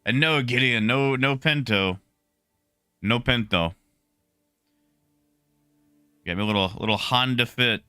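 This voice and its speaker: A young man casually chatting with his stream viewers, relaxed and talkative, greeting people by name. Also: mid-range voice, moderate pace, smooth, no room sound, studio quality, faint music behind. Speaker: livestreamer.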